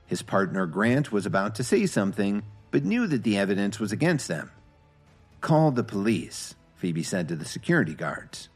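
A man narrates a story in a low, husky voice. His reading is steady but expressive, and his intonation rises and falls widely.

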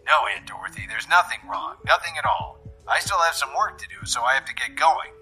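A man voicing an anxious young man who talks quietly and evasively on the phone. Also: mid-range voice, lively intonation, breathy edge, faint music behind, pitched above the performer's own voice, exaggerated voice. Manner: hushed, nervous, hurried.

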